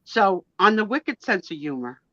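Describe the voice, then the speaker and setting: A woman with a New Jersey accent telling stories on a casual live stream, animated and self-mocking. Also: medium pitch, normal speed, no room sound, dull audio. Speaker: co-host of a live sale stream. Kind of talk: casual storytelling chat.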